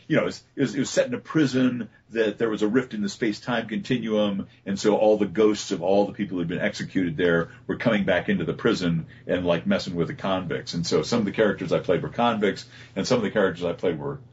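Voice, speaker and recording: A man, a voice actor being interviewed, telling relaxed stories about his work with many fillers and restarts. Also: fairly low pitch, husky. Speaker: voice actor guest. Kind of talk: casual interview talk. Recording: dull lo-fi recording.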